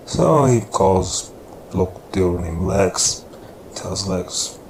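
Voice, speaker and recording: A man's voice: low voice, animated, slow. A man narrating a crime story in a loose, rambling way with fillers. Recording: echoey room with background noise.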